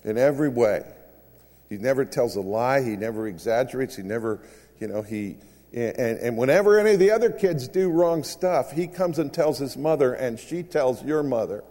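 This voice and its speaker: Preacher with long hall reverb. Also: male voice, mid-range voice, lively intonation, moderate pace, dark tone. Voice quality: conversational with asides. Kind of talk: sermon.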